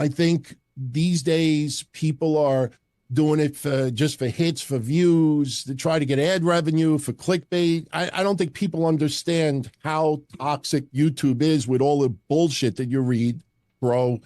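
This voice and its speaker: A man's voice: on the high side, no echo, clean studio sound. A middle-aged man, telling stories bluntly and profanely in a casual interview. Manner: blunt, profane, animated storyteller. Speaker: wrestling podcast host as guest.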